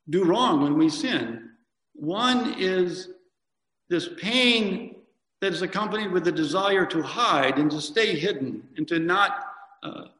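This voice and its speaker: A man, a priest, giving a reflective sermon, pausing often and correcting himself as he reads hymns aloud. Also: high-pitched, fairly bright tone. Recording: echoey church hall from a distance.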